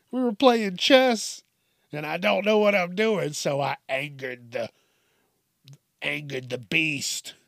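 A man's voice: fairly high pitch, slow, vocal fry, pauses often, fairly bright tone, no echo, clean studio sound. A man hosting casual comedic news commentary, swearing often, laughing and riffing on stories.

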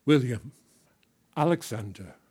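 A man playing the ghost of a merchant who died at thirty-eight, delivering a solemn, measured, proud monologue in dramatic storytelling style. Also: medium pitch, lively intonation, a little mellow, slightly rough. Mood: solemn, wistful.

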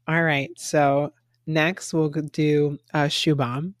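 Rambling young man, slightly high voice. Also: flat delivery, takes it slowly, no room sound, studio quality. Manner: rambling, heavy use of "like", laughs often. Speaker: podcast co-host. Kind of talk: casual chat reviewing a reality show.

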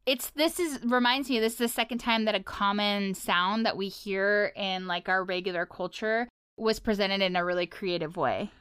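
Smooth-voiced woman podcast co-host. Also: mid-range voice, moderate pace, a bit bright, no room sound, clean studio sound. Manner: giggly, reads trivia aloud playfully. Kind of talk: casual chat.

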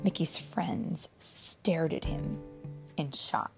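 Over music, a woman with a deep, gravelly voice reads a children's storybook expressively, adding dramatic pauses and the occasional question for young listeners.

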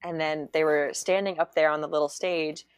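A woman's voice: low voice, steady tone, brisk, smooth, no echo. A young woman telling a story in casual chat, bubbly and full of "like"s. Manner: chatty, bubbly storyteller, many "like"s.

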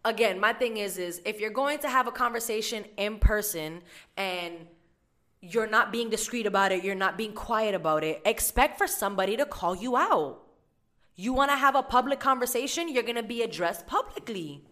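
A woman tells a story in casual chat and slips into the voices of everyone involved. Her delivery is loud, animated and profane, at an ordinary middle pitch. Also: moderate pace. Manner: animated, profane, acts out other people in her stories. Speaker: podcast co-host.

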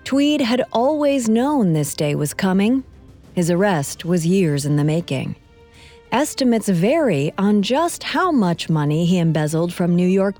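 Mellow woman narrating history. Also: mid-range voice. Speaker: podcast co-host.

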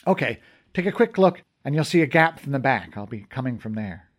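A man voicing an easygoing, adventurous male companion with a calm, dry manner. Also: mid-range voice, brisk. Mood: scheming.

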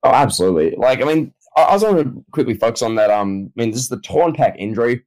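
A man's voice: mid-range voice, sing-song, fast, a little mellow, low-quality recording. A man co-hosting a casual chat, talking in laid-back, slangy banter. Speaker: co-host.

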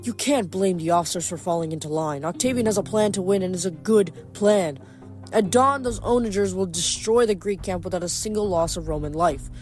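Woman as a blunt, stern young centurion, flat official tone, storybook read-aloud. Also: lowish voice, brisk, faint music behind, lightly acted. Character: big, stern young male Roman centurion.

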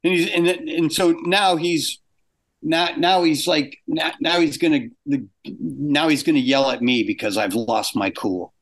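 An older man telling anecdotes in a casual interview, acting out quoted exchanges with animated shifts in pitch. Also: measured pace. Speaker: guest animator.

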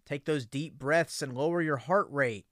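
A man's voice: on the high side, normal speed, dry recording, studio quality. A man hosting a podcast, chatting casually with loose, joking, profane talk. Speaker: podcast host. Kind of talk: casual chat.

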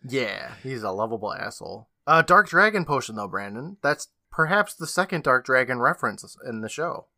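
Man, podcast co-host, bright voice, dry recording, chatty, quotes characters, laughs a lot. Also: medium pitch, sing-song, no echo. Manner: retells scenes with quick put-on quotes, laughs often. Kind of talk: casual recap chat.

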